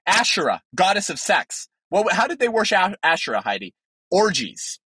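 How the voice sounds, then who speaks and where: A man, a podcast guest, giving fervent preaching-style commentary with emphatic swings in pitch. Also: a bit bright, slightly rough, no echo, rough recording.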